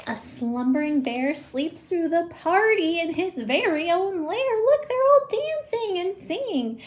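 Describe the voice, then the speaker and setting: A woman's voice: extremely high pitch, big pitch swings, measured pace. A woman preschool teacher reading a picture book aloud, with sound effects and asides to the children.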